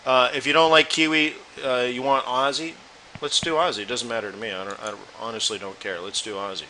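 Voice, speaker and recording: Bright-voiced man hosting a trading room. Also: medium pitch, steady tone, brisk, slight background noise, low-quality recording. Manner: loose, chatty, talks to viewers directly. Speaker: forex trading room host. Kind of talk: live trading webinar chat.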